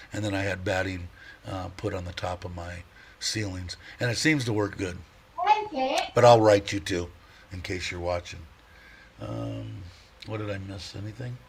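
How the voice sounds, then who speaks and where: A middle-aged man with a lowish voice hosts a casual livestream, rambling and chatting with frequent laughter. He often stops to restart sentences, and there's slight background noise.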